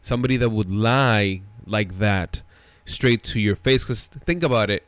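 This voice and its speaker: A man hosting a reaction show, speaking in a lower-than-average voice with blunt, incredulous commentary on a played clip. His delivery is dry and close to the mic, with no room sound. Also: unhurried, fairly bright tone, clear, resonant tone, no room sound.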